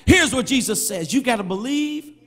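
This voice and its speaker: A male pastor preaching a sermon, building into shouted, sing-song cadences with touches of humor. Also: very high voice, animated, moderate pace, faint music behind. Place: large church sanctuary. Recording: long church reverb.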